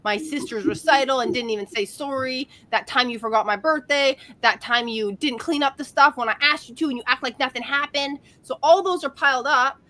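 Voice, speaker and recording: A woman's voice: high voice, a little fast, hardly any pauses, pushed and bright. A woman relationship coach talking candidly and animatedly in a casual podcast conversation, laughing often.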